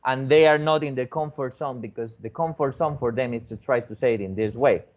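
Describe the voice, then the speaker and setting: This teacher trainer from abroad talks a little fast at a medium pitch, captured on lo-fi audio. It's a demonstration lesson where he often repeats himself, starts over, and asks "okay?" with a rising tone.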